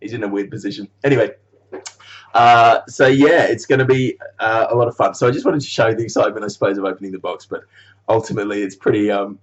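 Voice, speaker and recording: A man's voice: on the low side, fast, muffled recording. A man chatting casually in a rambling way on his video blog. He laughs often, swears freely and trails off mid-thought. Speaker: animator vlogger.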